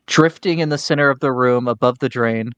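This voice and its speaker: A game master narrating a tabletop game with many pauses and fillers. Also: medium pitch, a bit bright, clean tone, dry recording, lo-fi sound. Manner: hesitant, filler-heavy narration.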